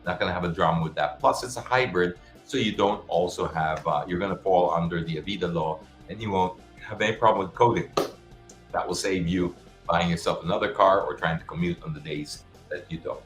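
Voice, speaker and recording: A man with a very low, deep voice talks casually through a live-stream Q&A, giving frank advice and often restarting his sentences. He sounds like he is in a roomy, echoey space, with faint music playing underneath. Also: a little fast. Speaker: show host. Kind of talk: live-stream Q&A, answering viewer questions.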